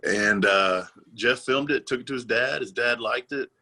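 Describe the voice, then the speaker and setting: A man of medium pitch recounts old stories in a relaxed way, with plenty of cursing. His voice is husky, with a bright, forceful edge. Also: moderate pace. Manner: laid-back, profane storytelling. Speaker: guest, former pro wrestler. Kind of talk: casual storytelling interview.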